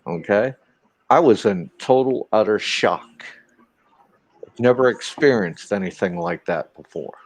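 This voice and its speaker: Man, casual chat, swears, tells stories, lowish voice. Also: measured pace, poor audio. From Boston. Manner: storytelling, profane, animated quotes.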